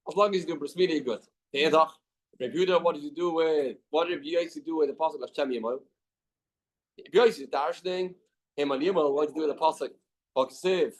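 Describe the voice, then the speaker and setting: A man teaching a Talmud class in a study hall, reading out the text and then explaining it plainly with many questions. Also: a little high.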